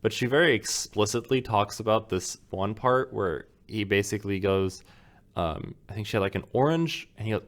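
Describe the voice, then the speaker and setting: A man's voice: on the low side, a little fast. A young man telling a story in casual podcast chat, rambling with lots of "like" and acting out quotes. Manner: rambling storyteller, acts out quotes with many fillers. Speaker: podcast co-host.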